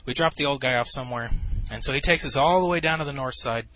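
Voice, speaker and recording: A man in his twenties telling a long, rambling story in casual chat, deadpan and full of swearing. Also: medium pitch, fast talker, dry recording. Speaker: gamer narrating over a replay.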